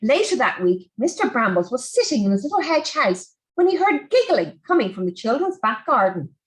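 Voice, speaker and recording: Animated woman reading a children's story. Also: high-pitched, moderate pace, low-quality recording. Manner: animated, expressive.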